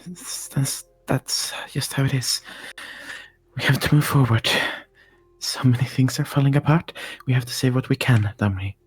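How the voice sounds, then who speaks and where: A man voicing a steady male guild leader who speaks in a calm, firm, measured way. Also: mid-range voice, husky, dry recording, faint music behind. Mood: resolute.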